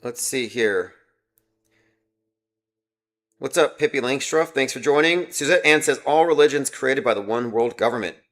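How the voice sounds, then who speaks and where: A man's voice: mid-range voice, moderate pace, pauses often, fairly bright tone. A man hosting a livestream, talking in a rambling, sarcastic way and reading viewer comments aloud between his points. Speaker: livestream host.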